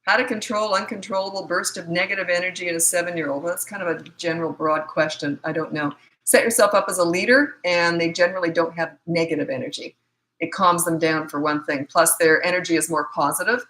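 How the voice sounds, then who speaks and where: Bright-voiced blunt Canadian woman coach. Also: on the low side, steady tone, quick pace, poor audio. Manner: chatty, blunt, matter-of-fact. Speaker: parenting coach. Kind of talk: casual livestream Q&A.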